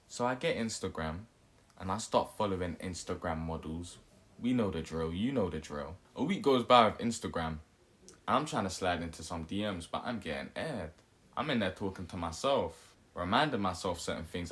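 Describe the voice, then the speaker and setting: Lively young man telling a funny story. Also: lowish voice, fairly quick. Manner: animated, jokey, acts out quotes. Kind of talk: casual storytime vlog.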